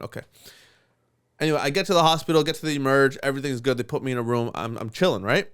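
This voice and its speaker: Young man co-host, casual storytelling, cussing, slightly high voice. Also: brisk, clean tone. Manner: animated storyteller, swears often, laughs through lines. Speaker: podcast co-host.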